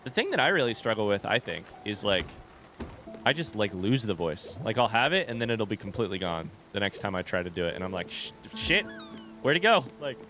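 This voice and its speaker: A man streaming a game live in a relaxed, rambling way, greeting chat and swearing casually. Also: lowish voice, fast. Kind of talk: casual gaming livestream chat. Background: game music.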